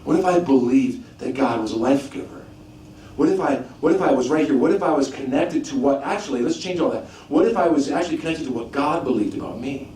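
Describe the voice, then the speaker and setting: A man preaching a teaching sermon, animated, asking rhetorical questions and often restarting his sentences. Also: medium pitch, fairly quick. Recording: echoey room, mic at a distance, faint background noise.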